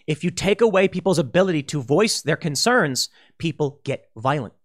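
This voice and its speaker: Animated, lively male political commentator. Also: on the high side, moderate pace. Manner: animated, emphatic, with restarts and quoted asides. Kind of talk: opinion commentary.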